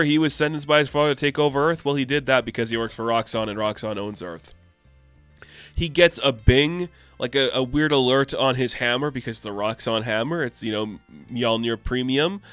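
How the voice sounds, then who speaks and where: Excited rambling man doing a comic review vlog, swears a lot, mid pitch, dry close mic. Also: smooth, dry recording.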